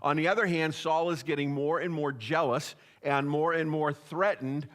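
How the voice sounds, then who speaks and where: A man's voice: on the high side, steady tone, moderate pace, a bit bright. A man, a pastor, preaching a sermon in a church in a folksy, joking way, speaking straight to the congregation. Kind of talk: sermon with jokes. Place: church sanctuary.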